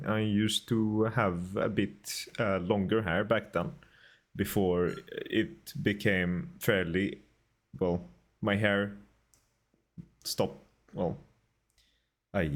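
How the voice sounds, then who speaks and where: A man streaming casual chat while making game art, reading viewer messages and putting on a deliberately terrible Swedish accent. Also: lowish voice, no room sound. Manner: chatty, reads out and answers viewer messages.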